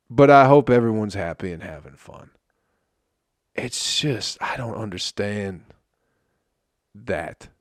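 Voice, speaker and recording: A man's voice: fairly low pitch, no echo, studio quality. Profane, exasperated man ranting on a podcast. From Flint, Michigan. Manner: profane, exasperated ranting with sudden loud outbursts. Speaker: comedian podcast host. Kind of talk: solo comedic podcast rant.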